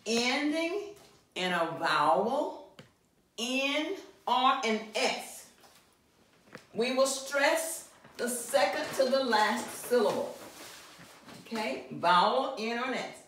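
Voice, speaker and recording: Woman teacher, slow and deliberate, mic well off in a strongly echoing room. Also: a little high, big pitch swings, slight background noise. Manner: slow, deliberate, stresses syllables loudly; laughs at herself. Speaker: Spanish teacher. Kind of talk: classroom lesson at a whiteboard. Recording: roomy echo from far off, faint music.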